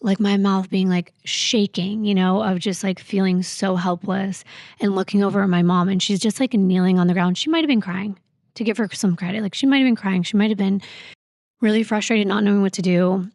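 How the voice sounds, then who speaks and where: Woman, podcast guest, personal storytelling, gravelly fry, dry close mic, halting with fillers. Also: medium pitch, steady tone, a little mellow, no room sound. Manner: halting, reflective, with many fillers.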